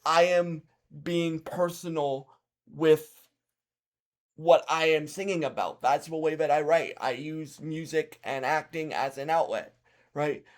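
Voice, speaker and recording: A young man giving a casual spoken movie review to his channel's viewers, halting and often restarting and repeating words, earnest when he gives advice. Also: on the high side, steady tone.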